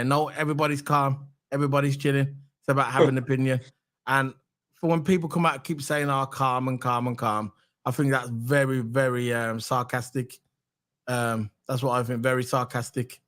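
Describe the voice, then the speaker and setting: With a mid-range, fairly bright voice and a British English accent, this streamer chats casually on his live stream. His opinions come out bluntly, and he says the same phrases more than once.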